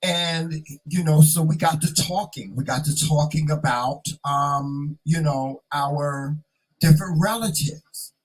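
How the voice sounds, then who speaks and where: Husky man telling a story. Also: on the high side, slow pace, low-quality recording. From North Carolina. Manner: chatty, repeats himself, proud and excited. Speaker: vlog host. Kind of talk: casual storytelling vlog.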